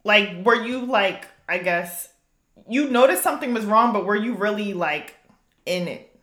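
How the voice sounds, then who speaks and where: A woman's voice: medium pitch, expressive, unhurried, fairly bright tone, roomy sound. A woman hosting a faith podcast conversation, casual, emphatic and encouraging. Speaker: podcast host.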